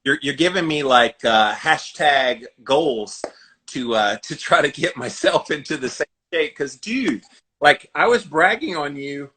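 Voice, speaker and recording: A man in his forties with a Southern US accent, hosting a podcast interview in an excitable, chatty way. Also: fairly high pitch, moderate pace. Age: 40s. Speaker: podcast host. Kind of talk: casual interview chat.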